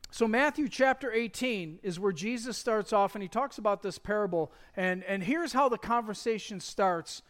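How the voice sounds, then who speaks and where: A man giving a conversational sermon as pastor, retelling a Bible story in a casual, joking, animated way. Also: high voice, normal speed, hardly any pauses.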